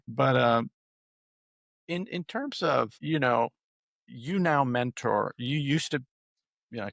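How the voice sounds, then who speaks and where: A man hosting a podcast, asking relaxed questions with halting restarts. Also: medium pitch, vocal fry, no echo. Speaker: podcast host. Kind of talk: interview questions.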